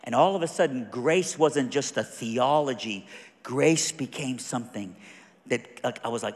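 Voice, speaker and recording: A man preaching a storytelling sermon, acting out the people in his story and swinging from hushed to loud. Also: medium pitch, measured pace. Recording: echoey hall with long reverb.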